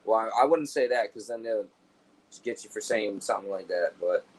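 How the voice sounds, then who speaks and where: A man's voice: fairly low pitch, moderate pace, rough recording. A man talking casually and profanely, rambling through stories about his work as a store clerk. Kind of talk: casual chat.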